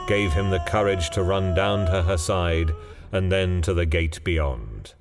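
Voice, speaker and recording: Deep-voiced man narrating a ghost story. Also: slow pace, big-room sound. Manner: hushed, suspenseful storytelling.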